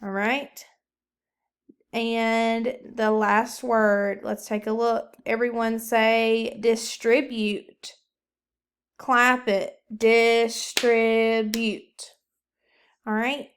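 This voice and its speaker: A woman teacher giving a recorded phonics lesson, talking slowly and encouragingly to young pupils. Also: on the high side, level tone, clean tone.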